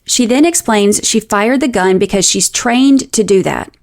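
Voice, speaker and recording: A woman podcaster tells a scripted true-crime story in a mid-range voice. She explains things in a measured way, with a light sardonic edge.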